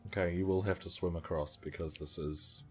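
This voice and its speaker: A man narrating as game master of a tabletop game, describing scenes calmly with hesitant fillers. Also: sits low, husky, faint music behind. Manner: calm, measured descriptions with fillers.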